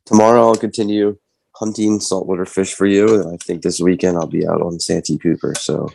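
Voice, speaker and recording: A man's voice: deep voice, little pitch movement, a little fast, creaky, darkish tone, slight background noise. A man co-hosting a podcast in a playful, joking manner. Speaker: podcast co-host. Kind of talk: casual podcast chat.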